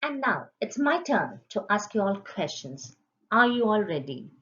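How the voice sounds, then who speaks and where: A woman's voice: medium pitch, sing-song, a little slow, a bit bright. A woman teacher giving an online grammar lesson to children, in a patient, sing-song teaching voice. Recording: dull lo-fi sound.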